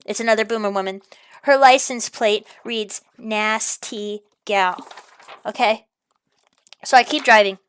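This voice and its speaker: A woman's clear, resonant voice, on the high side and fairly bright, comes through a dry, clean studio recording. As a ranting vlogger she vents in an exasperated, profane monologue, circling back to the same complaints repeatedly.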